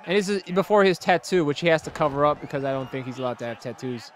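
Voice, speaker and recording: A young man hosting a gaming video, giving excitable, jokey let's-play commentary and laughing often. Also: a little high, quick pace. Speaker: gaming channel host.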